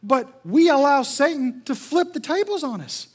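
A man's voice: very high voice, animated, normal speed. A male pastor preaching a sermon in an emphatic, repetitive, rhetorical style.

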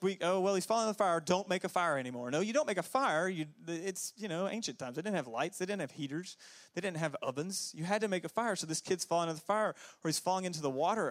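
A man giving a casual, conversational sermon as pastor, full of fillers and quick asides. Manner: conversational, many fillers, jumps into high put-on voices for quotes.

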